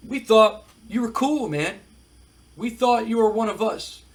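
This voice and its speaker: A man performs a relaxed, mocking male wrestler who drawls and coaxes in mock hurt, calling everyone "man" again and again. The voice sits high, above the performer's natural range, and runs a little slow.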